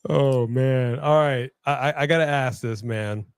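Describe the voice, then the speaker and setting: A man co-hosting a live wrestling watch-along, joking around and breaking into loud shouted bits. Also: medium pitch, unhurried, smooth, no echo, studio quality. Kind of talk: casual live-stream commentary.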